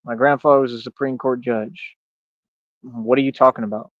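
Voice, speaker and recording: A man's voice: medium pitch, steady tone, moderate pace, no room sound, lo-fi sound. A man, a streamer ranting in a boastful, taunting way and often asking "right?". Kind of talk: ranting monologue.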